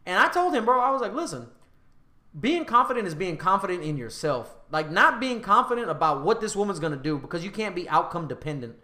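A man's voice: high-pitched, big pitch swings, fairly quick, sharp tone, reverberant. A man with a Southern US accent, hosting a podcast, talking casually in a bold, emphatic, profane way. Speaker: podcast host. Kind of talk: casual chat.

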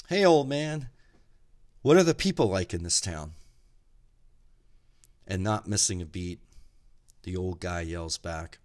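A man giving an earnest, reflective podcast talk, measured and slowing down for emphasis as he tells stories. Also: low voice. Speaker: podcast speaker.

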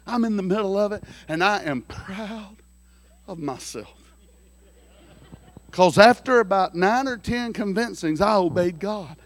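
A man preaching a sermon through folksy, joking stories, animated and lively. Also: high-pitched, measured pace, long pauses. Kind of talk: storytelling sermon.

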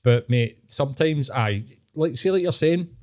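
A man's voice: mid-range voice, expressive, a little slow, darkish tone. A Scottish man hosting a podcast, chatting casually and earnestly with plenty of swearing. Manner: swears freely, matey and earnest. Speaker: podcast host.

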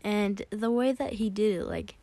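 A woman's voice: mid-range voice, fairly even intonation, moderate pace, dark tone. A woman hosting her own episode, chatting casually and rambling with lots of "like". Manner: rambling, heavy use of "like". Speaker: solo episode host. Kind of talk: casual opinion chat.

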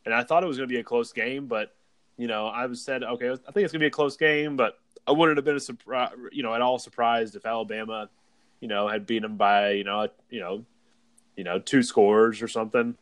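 A man's voice: medium pitch, steady tone, fairly quick, no room sound. Young male host, casual and rambly, dry close-miked sound. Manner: rambling, many fillers. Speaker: podcast host. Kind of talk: casual podcast chat.

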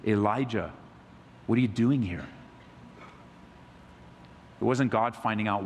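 A man's voice: lowish voice, moderate pace. A man preaching a sermon, telling the story with energy and acting out the quotes. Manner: animated storytelling, acts out quotes, laughs. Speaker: pastor. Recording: echoey hall reverb.

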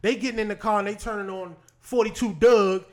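High-voiced man arguing casually. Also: steady tone, brisk, darkish tone. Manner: profane, argumentative, rhetorical questions. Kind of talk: casual chat.

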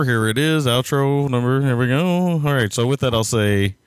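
A man's voice: mid-range voice, a little slow, hardly any pauses, smooth. A man co-hosting a casual film podcast from home, laid-back and laughing often. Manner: laid-back, laughs a lot, hesitant with fillers. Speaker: podcast co-host. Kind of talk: casual chat. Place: home, son playing nearby.

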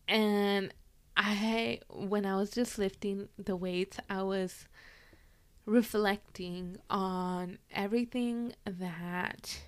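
A young adult woman hosting a casual podcast, reading tarot cards and talking about her life in a relaxed, personal way, slipping between English and Spanish. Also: mid-range voice, creaky, clean tone. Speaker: podcast host.

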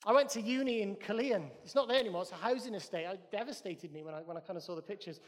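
A man's voice: high voice, fast, long reverb tail. A Welsh man preaching a sermon in a church, emphatic and repeating his phrases in threes.

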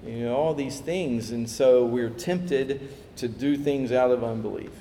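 A man preaching a sermon, lively, acting out quoted voices as he tells the story. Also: mid-range voice, unhurried, a little hiss or hum. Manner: animated, acts out quoted voices, chuckles. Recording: echoey hall with faint ambience.

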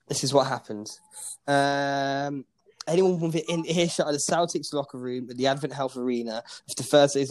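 A man with a non-American English accent, co-hosting a casual sports podcast and reading news aloud haltingly with plenty of fillers. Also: on the high side. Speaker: podcast co-host.

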